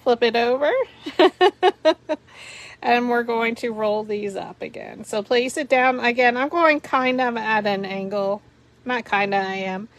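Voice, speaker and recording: A woman's voice: on the high side, normal speed. A woman hosting a live paper flower tutorial, talking through each step as she works and chatting and laughing with viewers. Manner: chatty, giggly, talks through steps while working.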